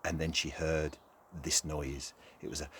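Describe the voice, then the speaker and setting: Deep voiced guy telling a kids folk tale, lively, chats right to the little ones. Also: unhurried, a little hiss or hum. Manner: animated, talks directly to children. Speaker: storyteller. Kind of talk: children's story narration.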